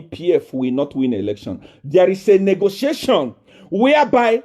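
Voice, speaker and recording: A man preaches as a self-proclaimed prophet, his high voice swinging widely in pitch. The tone is warm and mellow, but the delivery is boastful and defiant. He hammers the same phrases again and again and builds to shouts. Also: big pitch swings, normal speed. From Nigeria. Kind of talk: preaching to a congregation.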